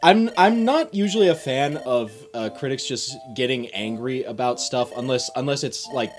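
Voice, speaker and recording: A man's voice: medium pitch, normal speed. A man casually commentating a video game playthrough as a guest, rambling and hesitant, with frequent restarts. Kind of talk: casual let's play commentary. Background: video game music.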